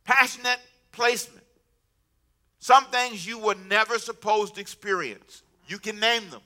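With a high voice and measured pace, the pastor delivers an animated sermon full of humor, joking with his congregation and laughing along.

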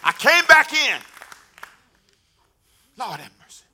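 A man preaching a sermon as a pastor, telling a story with animated repetition and acted-out dialogue. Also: very high-pitched, slow, a faint crowd.

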